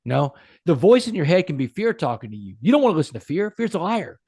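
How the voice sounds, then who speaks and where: A man's voice: a little high, big pitch swings, quick pace, darkish tone, breathy edge, no echo, clean studio sound. A man, a podcast guest, telling a personal story in an earnest, emphatic way. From United States.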